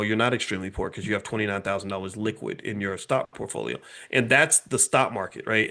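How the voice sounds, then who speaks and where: Emphatic man giving economic commentary. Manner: emphatic, repetitive, frequent tag "right?"; animated, swinging up in pitch for emphasis. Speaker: commentator and channel host.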